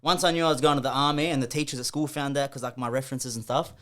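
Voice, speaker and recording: A man's voice: mid-range voice, racing. Swearing Australian man telling stories. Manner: swearing, animated storytelling. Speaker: guest. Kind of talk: casual podcast interview.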